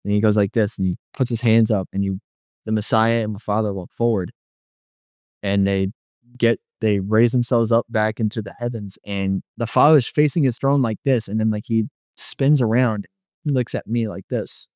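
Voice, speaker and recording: A man's voice: lowish voice, fairly even intonation, moderate pace, darkish tone, dry recording, clean studio sound. A man telling his near-death experience in casual testimony, rambling with many "like" fillers and quoting what was said to him.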